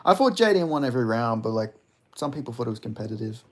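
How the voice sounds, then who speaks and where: A man's voice: medium pitch, expressive, quick pace. A young man hosting a livestream, reading chat and chatting loosely, laughing and swearing freely. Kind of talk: casual stream chat.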